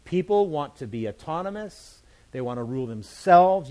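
A man's voice: on the high side, animated, normal speed, a little mellow. Man preaching with playful asides. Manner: conversational, plain-spoken preaching with playful asides. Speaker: pastor. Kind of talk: sermon.

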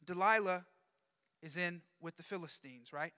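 Man, preacher, high and bright, chatty and jokey storyteller, long hall reverb. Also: moderate pace. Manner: lively, conversational, jokey. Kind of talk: sermon storytelling.

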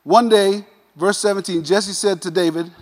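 Lively high-voiced preacher in a reverberant hall. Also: male voice, normal speed. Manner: animated, retells scripture in casual modern paraphrase. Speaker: pastor. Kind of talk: sermon.

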